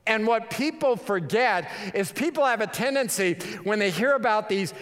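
Male pastor, slightly high voice, chatty storytelling sermon, reverberant church sound. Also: expressive, a little fast, few pauses, a bit bright. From Colorado, USA. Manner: storytelling, conversational, rising to emphatic preaching. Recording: long hall reverb.

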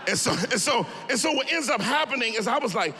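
Man, pastor, humorous sermon, animated storytelling, bright tone, long hall reverb. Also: very high voice, brisk.

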